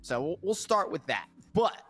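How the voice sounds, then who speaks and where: A man's voice: on the high side, sing-song, normal speed, slightly rough, soft background music. A man co-hosting a podcast in casual chat, often laughing through his sentences with a sarcastic edge. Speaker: podcast co-host.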